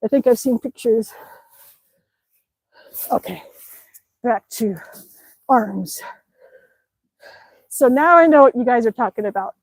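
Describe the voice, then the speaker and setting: A woman's voice: on the high side, expressive, slow pace, long pauses, no room sound, low-quality recording. A woman vlogger chatting on a live stream outdoors in the snow, reading viewer comments aloud and laughing often, a little out of breath from a workout. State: slightly out of breath from exercising outdoors.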